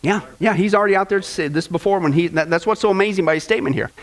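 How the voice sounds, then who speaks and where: Speaking very fast in a high voice, this pastor tells stories in his sermon and brings them to life by performing each character's voice.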